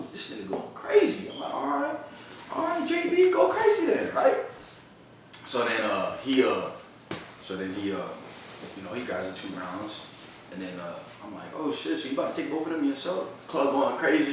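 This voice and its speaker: A podcast host tells a long story in casual chat, rambling with plenty of slang and laughter. His mid-range voice is expressive and fairly quick. The recording has slight background noise and a roomy echo, with him a bit far from the mic.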